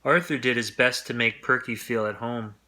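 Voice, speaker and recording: A man reading a children's picture book aloud as a bedtime story in a gentle, friendly way. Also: mid-range voice, normal speed.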